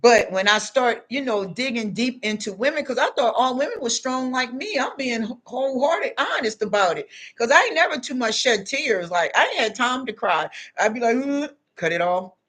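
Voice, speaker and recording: A woman's voice: fairly high pitch, expressive, normal speed, few pauses, fairly bright tone. A woman giving spiritual advice in a casual, unscripted monologue, blunt and confrontational, full of street slang and talking straight to the listener. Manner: talks straight to the listener with many tags like "you know what I'm saying".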